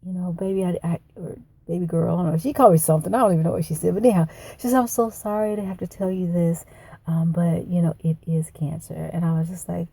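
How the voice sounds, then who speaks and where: Husky, gravelly woman telling her story. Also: on the low side, steady tone, fast, dark tone. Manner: rambling, emotional storytelling. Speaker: video diarist. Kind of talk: personal video journal.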